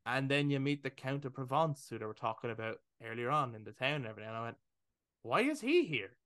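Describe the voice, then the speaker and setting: A man's voice: medium pitch, fairly even intonation, quick pace, a bit bright, clear, resonant tone, no room sound, studio quality. A man co-hosting a podcast in casual chat, acting out his own thoughts, swearing and laughing. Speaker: podcast co-host.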